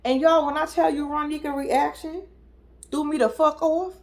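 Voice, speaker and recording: Speaking at a moderate pace, this young woman gives animated, incredulous commentary on a reality TV episode. Her take is casual and full of profanity. She frequently imitates people with high-pitched squeals.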